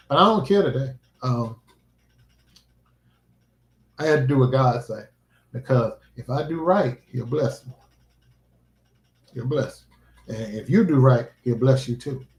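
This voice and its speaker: A man livestreaming a vlog, talking in an earnest, emphatic, preacherly way about faith and his life. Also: medium pitch. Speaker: livestreaming vlogger. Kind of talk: casual heartfelt livestream talk. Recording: roomy echo.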